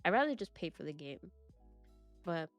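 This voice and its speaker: A young woman talks as an interview guest, her voice a touch lower than most. She rambles, restarting and stacking fillers as she goes. Soft music plays faintly behind her. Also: big pitch swings, normal speed, highs cut off. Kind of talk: casual chat.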